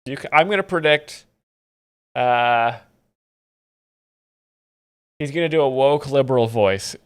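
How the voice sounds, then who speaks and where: Deadpan man with a smooth voice. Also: medium pitch, takes it slowly. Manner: dry mock-expert deadpan. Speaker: streamer explaining comedy clips. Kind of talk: deadpan live-stream commentary.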